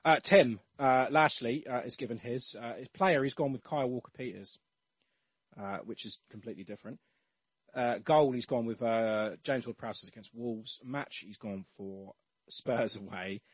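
Listener entries are read out with frequent ums and uhs by a man hosting a casual football podcast. He has a mid-range voice at normal speed, recorded dry, and the lo-fi audio sounds slightly dull.

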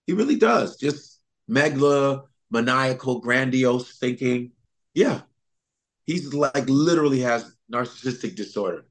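This man, a comedian guest out of Chicago's comedy scene, spins animated stories in a laid-back interview, often laughing and doing impressions. His medium-pitched voice keeps a measured pace.

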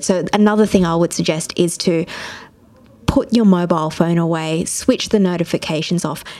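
A woman asking thoughtful, measured questions as the interviewer on a work podcast. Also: fairly low pitch, darkish tone. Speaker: interviewer, operations director.

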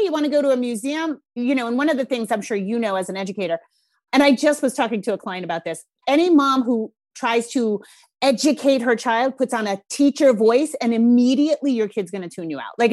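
Casting: Rhode Island woman podcast host, higher voice, energetic, dry close mic. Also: dry recording. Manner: energetic, swears casually. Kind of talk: casual podcast conversation.

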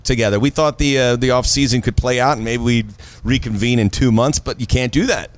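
A man's voice: mid-range voice, fairly quick, no room sound. A middle-aged man co-hosting a casual podcast from an office building, with a jokey, upbeat delivery. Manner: jokey, hypey intro delivery. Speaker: podcast co-host. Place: office building, top floor.

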